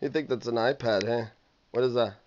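A father in a home video gently coaxing his toddler, repeating questions and prompts over and over. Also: mid-range voice, steady tone, a little fast. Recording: muffled home video with faint noise.

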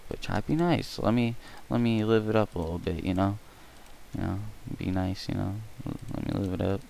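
A young man rambling through casual building commentary for a gaming tutorial, goofy and joking, with a gravelly voice on a cheap mic. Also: sits low, sing-song, normal speed, a little mellow, slight background noise. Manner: goofy, rambling, breaks into silly singing and mock threats. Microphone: cheap mic with echo.

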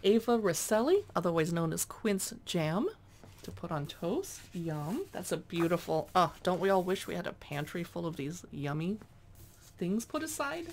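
A woman's voice: fairly low pitch, big pitch swings, moderate pace, a little mellow, a little hiss or hum. A woman chatting casually as she pages through a cookbook, reading dish names aloud with little asides. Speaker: cookbook reviewer.

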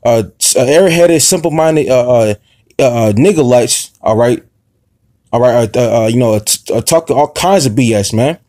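Halting, confrontational male street preacher. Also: medium pitch, mellow, no room sound, clean studio sound. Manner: halting, many fillers and restarts; confrontational, profane. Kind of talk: informal sermon.

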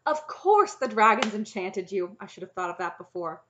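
A woman's voice: mid-range voice, sing-song, normal speed, a bit bright, lo-fi sound, slight background noise. A woman voicing a naive young knight, hesitant. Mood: earnest, puzzled. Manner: hesitant, eager, easily crestfallen.

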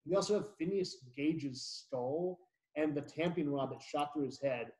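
A man's voice: a little high, normal speed, darkish tone, low-quality recording. A man hosting an online book club, talking in a rambling way, correcting himself and laughing often. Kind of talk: casual book discussion. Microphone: video call.

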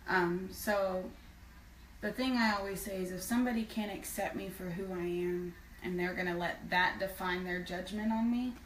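A woman's voice: medium pitch, steady tone, moderate pace, slight background noise. A woman singer in a casual live video chat, speaking earnestly with frequent fillers. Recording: roomy sound from far off.

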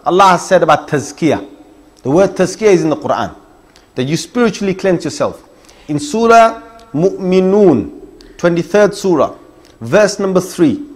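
Middle-aged guy preaching a religious lecture, kinda high voice, pushy, keeps asking the crowd. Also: expressive, normal speed. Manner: emphatic, numbers points, challenges listeners. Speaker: Islamic preacher.

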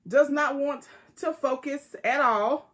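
A woman's voice: high-pitched, slow, a bit bright. A woman hosting a live jewelry sale, chatting in a folksy, friendly way and greeting viewers by name, recorded on a tablet. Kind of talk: casual live-stream selling chat. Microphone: tablet device.

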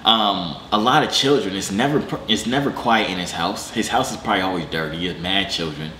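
A young man hosting a reaction video, joking in slangy casual commentary with sudden excited jumps in pitch. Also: a little fast, roomy sound, a little hiss or hum.

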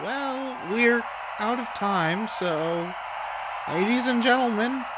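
A player doing a loud tournament announcer. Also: medium pitch, slow, very noisy, pitched above the performer's own voice, close to an everyday voice. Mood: announcing.

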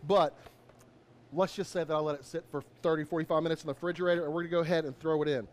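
Male chef, upbeat and chatty, high-pitched, cooking demo host. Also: fairly even intonation, very fast. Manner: upbeat, chatty, lots of shout-outs.

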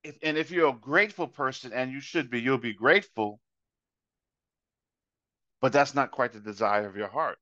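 A man's voice: medium pitch, normal speed, long pauses, bright, forceful tone, no room sound, dull audio. A man teaching a Bible study in a conversational sermon style, acting out everyday examples and repeating phrases to make his point. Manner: illustrates with acted-out examples and repetition.

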